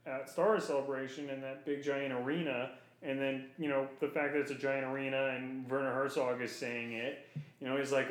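A man co-hosting a podcast in casual chat, animated and playful, going off on rambling asides. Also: mid-range voice, fairly quick. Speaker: podcast co-host. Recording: roomy echo. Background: dog heard at times.

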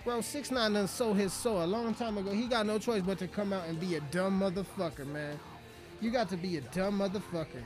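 A man's voice: high-pitched, normal speed. A man, a rapper, delivering an aggressive, mocking, profanity-heavy ranting monologue. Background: music playing.

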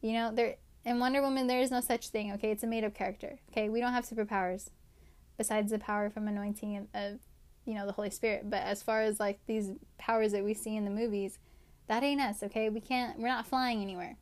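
A young woman tells a personal story in a loose, chatty way, full of "like" and "right?". Her voice sits at a middle pitch for a woman. She talks to listeners as a podcast host sharing faith and encouragement. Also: fairly even intonation, quick pace. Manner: chatty, many fillers like "like" and "right?". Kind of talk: casual faith-based storytelling.

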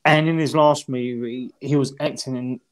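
A man giving opinions on a film in casual podcast chat, rambling and halting. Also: medium pitch, fairly even intonation. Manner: rambling, halting, many restarts. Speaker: podcast co-host.

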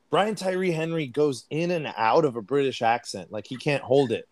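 Animated podcast guy, dry close mic. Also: medium pitch, dry recording. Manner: animated, drawn-out emphasis, asks listeners. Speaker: podcast co-host. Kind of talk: casual movie review chat.

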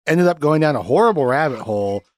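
Podcast co-host, male, relaxed and chatty, quick to laugh, dry close recording. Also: on the high side, dry recording. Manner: laughs often, puts on voices when quoting people. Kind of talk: casual chat.

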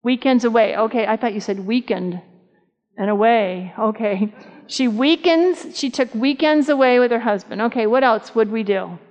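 Middle-aged female church speaker, storytelling, light humor, higher register, muffled recording. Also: normal speed, darkish tone. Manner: chatty, humorous storytelling with audience questions. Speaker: speaker at a church camp meeting. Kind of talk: conversational sermon. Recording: dull sound with long hall reverb.

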